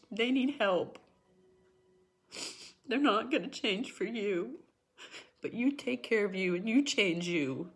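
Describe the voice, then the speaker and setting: A middle-aged woman hosting a spiritual talk show, speaking earnestly and encouragingly to her viewers and repeating herself for emphasis. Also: medium pitch. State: tearful at times. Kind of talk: emotional personal talk to viewers.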